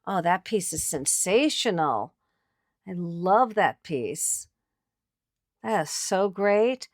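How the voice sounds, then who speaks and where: Woman vlog host, slow and low-pitched, chatty and excited, dry close sound. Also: no echo. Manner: chatty and enthusiastic, showing items to viewers. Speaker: antiques picker and channel host. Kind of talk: casual on-camera commentary. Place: indoors at an estate sale.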